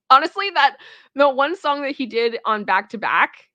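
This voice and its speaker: A woman's voice: sits high, lively intonation, normal speed, pushed and bright, no echo. Woman w a toronto accent just chatting to her stream, rambly, keeps restarting, dry close sound. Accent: Toronto Canadian. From Toronto, Canada. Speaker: livestream host. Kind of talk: casual livestream chat reading the chat.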